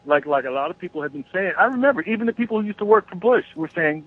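A man's voice: sits high, lively intonation, racing, few pauses, no echo. A man calling in to a talk radio show, rambling and swearing through an opinionated rant with lots of restarts. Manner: rambling, profane, restarts often. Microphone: phone. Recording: tinny phone line.

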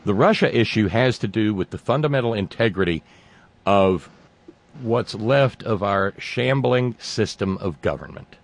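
A man hosting a political talk show, speaking in a halting, sarcastic way with many restarts. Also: fairly low pitch, lively intonation. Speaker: talk radio host.

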